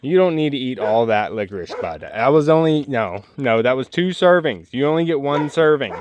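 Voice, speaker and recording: A man on a farm outdoors, gently and playfully coaxing his animals in casual talk. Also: mid-range voice, animated, normal speed, highs cut off, slight background noise. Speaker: homestead vlogger.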